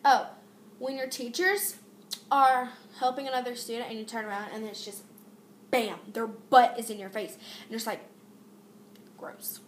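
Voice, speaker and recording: A woman's voice: on the high side, fairly even intonation, moderate pace, long pauses, slight background noise. Exasperated teen girl in an echoey room. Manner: exasperated, rambling with many fillers and restarts. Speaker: vlogger. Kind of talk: casual vlog rant.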